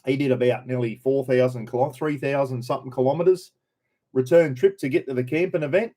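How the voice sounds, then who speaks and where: A man's voice: mid-range voice, fairly quick, warm tone. A middle-aged Australian man hosting a casual live stream, chatting loosely, greeting viewers by name and swearing freely.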